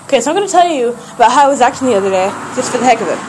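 A giddy young woman talks to her camera in a hyper, rambling solo vlog, her voice pitched high and leaping wildly up and down. She squeals and shrieks between thoughts. The home camera audio carries clear background noise. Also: animated, rapid-fire. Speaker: vlogger. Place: home kitchen, then outdoors in a yard.

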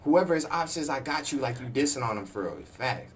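A man's voice: mid-range voice, lively intonation, brisk, husky. A man streaming a game, chatting in slang and egging other players on over voice chat. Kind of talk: gaming voice chat. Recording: noisy game audio.

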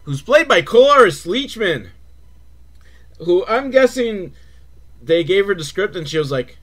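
Comic male reviewer, mocking and profane, slightly high voice with big pitch swings. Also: a little slow, long pauses. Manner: sarcastic, swears, mocking kid-show cheer; swings between flat mutter and shrill excitement. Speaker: movie reviewer. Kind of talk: comedic movie recap.

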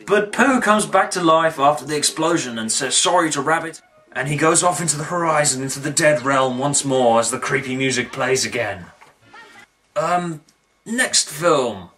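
A man's voice: fairly high pitch, moderate pace, fairly bright tone, far from the mic, soft background music. Man doing a mock-dramatic comic review. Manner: mock-dramatic, with sudden exaggerated outbursts. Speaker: video reviewer. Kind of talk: comic commentary.

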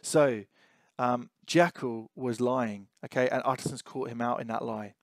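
A man's voice: mid-range voice, steady tone, measured pace, dry recording. Man teaching a novel chapter, dry close sound. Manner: thinking aloud with fillers and restarts, asking questions. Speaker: English teacher. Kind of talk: reading aloud and annotating a novel.

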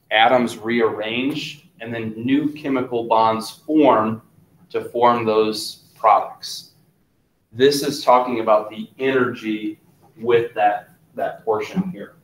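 A man teaching a chemistry class in a relaxed lecture style, often stopping to ask if there are questions. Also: medium pitch, slow, far from the mic. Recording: roomy classroom, voice from off-mic.

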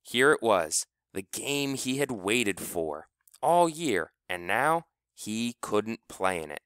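A man reading a story aloud as narrator, lively and expressive, acting out characters. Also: on the low side, slow pace, clean tone, dry recording, studio quality. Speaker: audiobook narrator. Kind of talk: scripted narration.

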